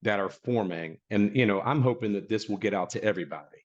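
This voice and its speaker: Low-voiced man on a muffled line. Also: fast. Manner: emphatic, repeats points for stress. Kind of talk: casual podcast chat. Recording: dull muffled lo-fi sound.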